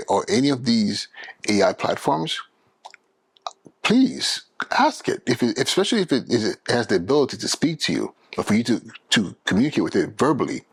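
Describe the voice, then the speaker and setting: A man hosting his own podcast, talking in an animated, emphatic way and often restarting his phrases. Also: on the low side, gravelly, breathy edge, dry recording. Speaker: podcast host. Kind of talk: casual solo podcast monologue.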